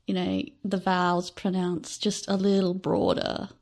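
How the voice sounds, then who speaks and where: A woman's voice: fairly low pitch, steady tone, measured pace, creaky, a little mellow. A woman from Australia co-hosting a casual podcast discussion. She is chatty and opinionated, with hesitant fillers. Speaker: podcast co-host.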